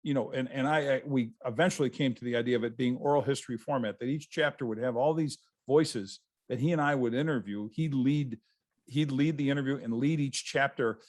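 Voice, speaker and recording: A man's voice: mid-range voice, a little fast. A man, a guest author, telling stories in a casual interview over a video call, rambling and restarting his sentences.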